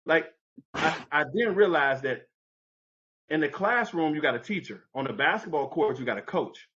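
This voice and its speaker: A man's voice: lively intonation, moderate pace, fairly bright tone, lo-fi sound. A man telling a story from his youth as a guest in a conversation, acting out what people said with big jumps in his voice. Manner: acts out quoted voices with big pitch jumps. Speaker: podcast guest. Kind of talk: animated storytelling.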